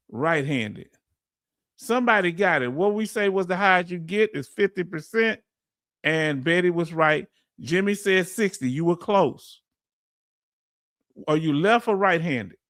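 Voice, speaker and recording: A man's voice: fairly high pitch, a bit bright, no echo, studio quality. A man with a Southern US accent hosting a casual livestream, reading out viewer comments and explaining things in loose, chatty speech. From Southern United States. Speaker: livestream host.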